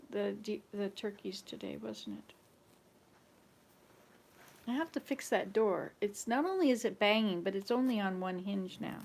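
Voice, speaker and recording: A woman's voice: medium pitch, a little mellow. A woman at her rural home, chatting casually and humming old folk tunes to herself in a rambling way. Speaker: vlogger.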